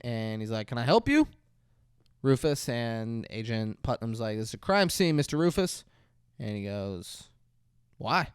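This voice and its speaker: A man's voice: fairly low pitch, a little slow, clear, resonant tone, no room sound, studio quality. A man co-hosting a podcast, retelling a movie's scenes in a casual, profane way and acting out the characters' lines. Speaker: podcast co-host. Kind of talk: casual movie review chat.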